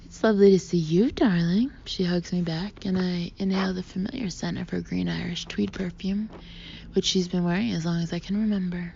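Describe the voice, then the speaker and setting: A woman narrating an audiobook in the first person, expressive, often sinking to a breathy half-whisper. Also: lowish voice, a little fast. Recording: muffled lo-fi audio with faint hiss.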